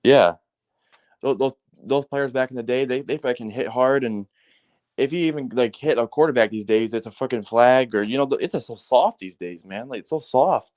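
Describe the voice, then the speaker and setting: A man's voice: mid-range voice, normal speed. A man in a casual, heated sports rant, cursing often and leaning on fillers like "like" and "man". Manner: profane, heated, animated ranting with frequent fillers.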